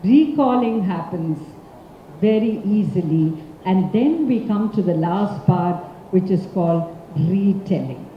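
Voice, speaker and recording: A woman with an Indian English accent who tells a story to a large audience in an expressive, interactive way and prompts them for answers. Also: fairly low pitch, takes it slowly, a little hiss or hum. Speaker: professional storyteller, speaker. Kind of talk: interactive oral storytelling talk. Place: large conference hall. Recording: echoey hall from far off, dull sound.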